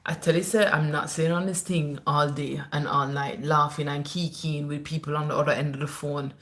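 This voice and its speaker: A woman hosting a casual livestream on her phone, reading comments with animated, teasing swings between high playful lines and low asides. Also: fairly quick. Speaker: livestream host. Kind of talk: casual live-stream chat reading comments.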